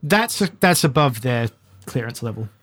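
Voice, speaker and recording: A man's voice: mid-range voice, expressive, normal speed, a bit bright, faint music behind. A man voicing a stern, stone-faced male spymaster who speaks in a clipped, formal way.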